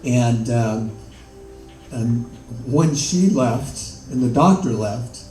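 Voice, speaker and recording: An older man, an interview guest, telling his story in a halting way with many fillers and laughs. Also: mid-range voice, expressive, mellow, faint music behind. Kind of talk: conversational storytelling. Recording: echoey room, mic far off, faint noise.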